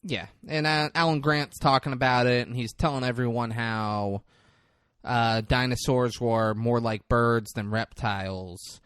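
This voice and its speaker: A man's voice: medium pitch, steady tone, unhurried, a bit bright, smooth, no room sound, studio quality. A young man co-hosting a podcast, casually retelling a movie with lots of swearing. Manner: profane, storytelling, acts out quotes. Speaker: podcast co-host. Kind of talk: casual comedic movie recap.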